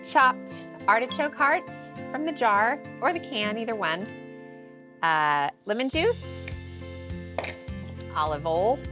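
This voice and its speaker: A woman's voice: a little high, expressive, slow pace, pauses often. A woman hosting a casual cooking demonstration in a home kitchen, chatty and playful as she talks with the crew. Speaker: cooking show host. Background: background music, sizzling pan.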